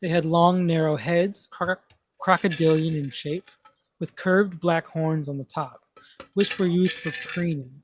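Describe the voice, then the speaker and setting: A man's voice: a little high, fairly even intonation, unhurried, slight background noise. A man hosting a casual tabletop gaming podcast, reading monster lore aloud and stumbling over place names. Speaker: podcast host.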